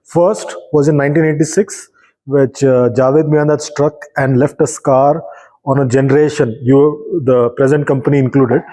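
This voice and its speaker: Male interviewer, warm mellow tone, halting with fillers. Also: medium pitch, steady tone, poor audio. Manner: measured, hesitant with fillers. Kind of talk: conversational interview.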